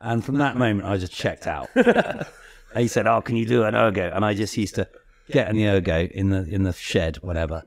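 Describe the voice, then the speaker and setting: Low-voiced, rambling man. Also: expressive, normal speed, no echo. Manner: rambling, self-mocking, laughs through the story. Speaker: guest storyteller. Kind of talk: casual anecdotal chat.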